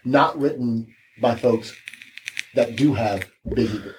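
A man co-hosting a casual podcast, chiming in with quick, jokey remarks. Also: medium pitch, a little mellow, a little hiss or hum, poor audio. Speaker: podcast co-host. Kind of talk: casual chat.

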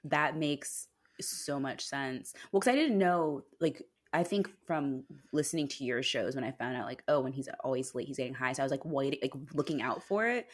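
A young adult woman hosting a podcast in casual chat, animated and full of "like". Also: very deep voice, moderate pace. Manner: animated, lots of "like", slips into mocking impressions. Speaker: podcast host.

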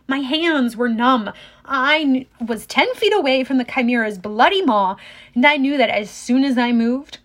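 A woman reading a first-person adventure novel aloud in an expressive, dramatic way. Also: a little high. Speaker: audiobook reader.

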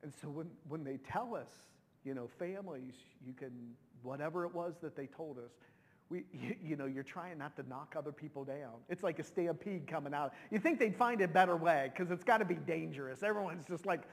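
A middle-aged pastor tells stories in a sermon, emotional and conversational, often restarting sentences as feeling rises. He talks a little fast, his pitch slightly high for a man. A long reverb lingers after each phrase, like in a big sanctuary.

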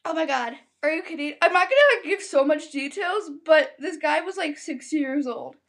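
A woman's voice: sits high, lively intonation, normal speed, fairly bright tone. A woman recording a casual podcast from her bed, reading the news aloud in a panicky, dramatic way with frequent exclamations.

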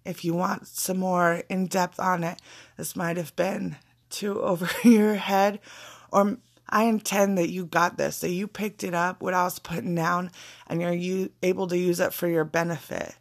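Woman motivational speaker, gravelly, emphatic and repetitive, blunt profanity. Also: lowish voice, level tone, normal speed. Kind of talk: casual spiritual pep talk.

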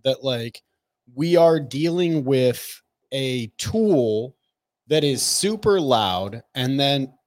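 A man on a podcast telling stories in a casual, animated way, swearing now and then and acting out what people said. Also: medium pitch, drawn-out words. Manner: animated, profane, quotes people in their voices. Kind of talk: casual storytelling chat.

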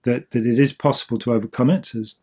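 Male co-host, husky voice, loose rambling explainer, casual chat. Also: mid-range voice, fairly even intonation, fast talker, a little mellow. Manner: rambling, with many ums and restarts. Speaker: podcast co-host.

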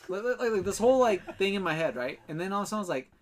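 A man's voice: high voice, animated, racing. Rambling young man telling a story. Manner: rambling, filler-heavy, swears often, laughs while telling. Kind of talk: casual storytelling chat.

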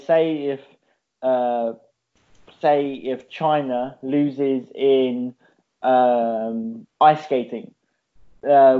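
A man co-hosting a casual chat, rambling and swearing a lot, on a dull lo-fi recording. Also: medium pitch. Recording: dull lo-fi sound.

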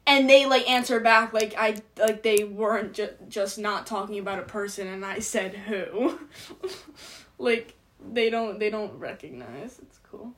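A young woman of eighteen chatting casually with a friend, slangy and quick to laugh, sometimes mumbling her words together. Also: medium pitch, fairly bright tone. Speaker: podcast co-host. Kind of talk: casual chat.

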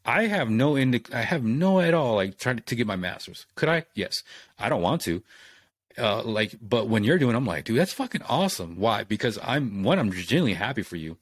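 A man in casual conversation, talking in a fast, profane, animated rant. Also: mid-range voice, no room sound, clean studio sound. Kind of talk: casual chat.

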